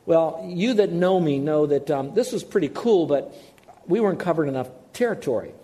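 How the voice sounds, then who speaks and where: A pastor preaching a sermon, telling personal stories in a conversational way and asking the audience questions. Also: male voice, a little high, animated, brisk, mellow.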